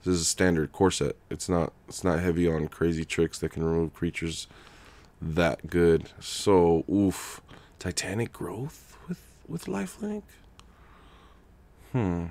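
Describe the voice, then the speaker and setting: A young streamer with a deep, animated voice talks a little slowly as he comments on his game live. He is casual and slangy, laughs loudly and reads donations aloud while thanking viewers.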